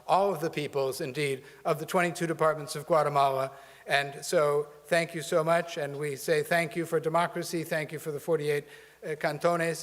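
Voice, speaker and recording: Male award recipient, higher voice, monotone delivery, long hall reverb. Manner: earnest, deliberate thank-yous with hesitations. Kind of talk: acceptance speech. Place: large event hall.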